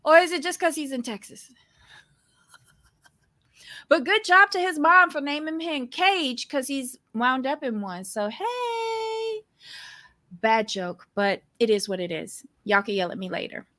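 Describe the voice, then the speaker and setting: A woman rants through a reality show recap, loud and full of swearing. Her voice sits high and bright, and she keeps slipping into mocking voices. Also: measured pace. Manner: loud, profane, animated ranting with mock voices. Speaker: recap commentator.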